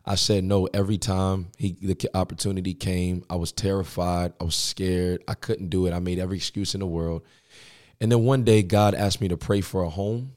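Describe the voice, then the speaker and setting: Deep-voiced young pastor telling stories. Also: male voice, brisk. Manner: slangy, animated storyteller. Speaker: pastor and podcast guest. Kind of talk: storytelling interview.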